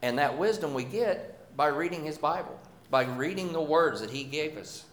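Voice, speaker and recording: A man's voice: on the high side, animated, normal speed, fairly bright tone, echoey room. A man preaching a sermon, reading scripture and then talking in a folksy, self-deprecating way with many restarts.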